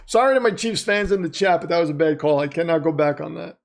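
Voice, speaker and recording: A man's voice: a little high, fast, gravelly. A man hosting a live stream, chatting casually, reading out viewer comments and calling plays as they happen. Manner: chatty, reads viewer comments aloud, muses off-topic. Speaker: livestream host reacting to a football game.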